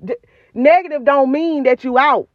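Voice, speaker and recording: A woman hosting a podcast delivers an emphatic, repetitive, preacherly motivational talk, recorded on her phone. Her voice is high-pitched and her pace normal, and the lo-fi sound has no room echo.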